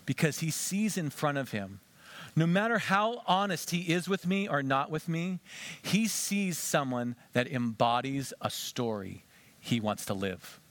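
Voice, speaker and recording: A male pastor giving an animated sermon, acting out conversations with a volunteer on stage. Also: on the high side, measured pace, no echo.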